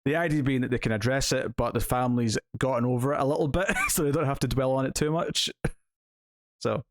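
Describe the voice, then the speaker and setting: Male podcast host, casual rambling chat, middle pitch, dead-dry close-miked sound. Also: brisk, dry recording. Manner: laughs often, filler-heavy rambling.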